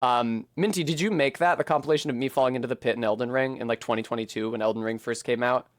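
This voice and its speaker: A man's voice: medium pitch, fairly even intonation, quick pace, no room sound, clean studio sound. A man rambling casually and poking fun at himself while streaming a video game, swearing now and then. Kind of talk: casual commentary while playing.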